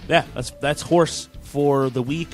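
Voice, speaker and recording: A man's voice: on the high side, fairly even intonation, slow pace, soft background music. A man hosting a sports radio show in a studio, steering the topics with many hesitations. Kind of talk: casual sports radio talk.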